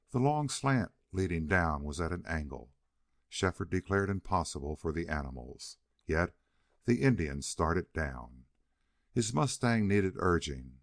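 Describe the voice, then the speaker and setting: A man reading a western novel aloud as an audiobook narrator, in a steady storytelling read on a close mic. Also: sits low, dry recording. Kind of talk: scripted narration.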